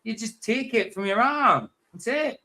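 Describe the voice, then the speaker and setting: High-voiced man in mocking banter. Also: expressive, unhurried, pushed and bright. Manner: laughing, mocking, repeats phrases. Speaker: podcast co-host. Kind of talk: casual reaction commentary.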